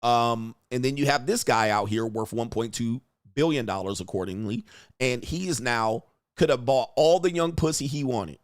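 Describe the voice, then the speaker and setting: A man hosting his own livestream, talking in a crude, combative way and laughing often at his own remarks. His voice sits at an ordinary pitch for a man. The sound is dry and close, with no room echo. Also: normal speed. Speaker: livestream show host and dating coach. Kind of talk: profane livestream commentary.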